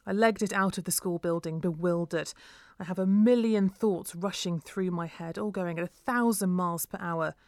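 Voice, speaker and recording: A woman's voice: lowish voice, moderate pace, darkish tone, no echo, studio quality. A woman reading a first-person story aloud in an earnest, emotional way.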